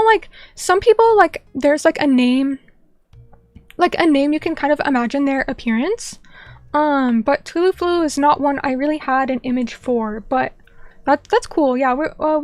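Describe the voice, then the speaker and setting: A woman's voice: sits high, no room sound. A young woman chatting casually on a stream, reading viewer comments and rambling with lots of filler words and restarts.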